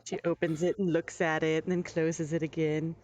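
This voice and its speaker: A woman narrating as game master of a tabletop game, chatty and lively. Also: low-pitched, normal speed, highs cut off.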